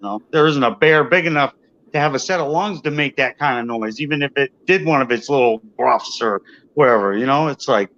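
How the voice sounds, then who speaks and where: A man's voice: mid-range voice, a little fast, a bit bright. A man recounting his experiences as an interview guest, hesitant and searching for words with lots of "you know". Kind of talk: casual storytelling. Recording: dull lo-fi audio.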